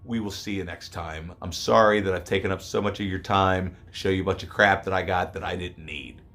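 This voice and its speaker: A man vlogging about his collection, rambling and cursing, veering between loud rants and mutters, a little hoarse. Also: sits low, fairly even intonation, a little fast, faint music behind. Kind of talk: casual profane vlog.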